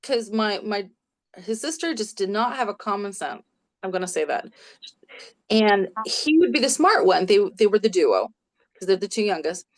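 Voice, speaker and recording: A woman in her forties, a clinical social worker, telling animated stories as a podcast guest from her home office and acting out quoted voices. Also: mid-range voice, moderate pace. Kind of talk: casual storytelling in a podcast interview.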